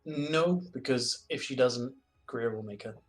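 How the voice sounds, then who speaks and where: A man's voice: medium pitch, measured pace, soft background music. A man playing a tabletop game, talking casually in a joking, blunt way. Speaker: player.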